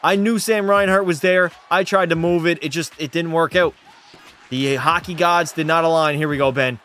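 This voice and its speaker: A man's voice: a little high, steady tone, normal speed, a bit bright. Rowdy, tipsy young man streaming a game. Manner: rowdy, profane, mock play-by-play, reads chat aloud. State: tipsy from a few drinks. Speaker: gaming streamer. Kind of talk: live-stream commentary.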